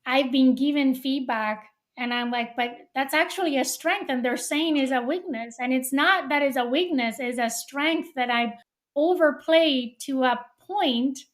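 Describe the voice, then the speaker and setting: A woman's voice: high voice, unhurried. A woman hosting a podcast, who affirms and reflects on what her guest says and reads a promotion for her own event. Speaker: podcast host. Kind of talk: interview host and read ad.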